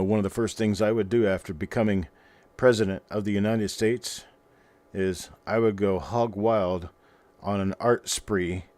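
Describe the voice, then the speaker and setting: A man's voice: lowish voice, a little mellow, no echo. A middle-aged man hosting a livestream, chatting casually and rambling in a folksy way while he talks to his viewers. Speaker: host of a coin roll hunting livestream.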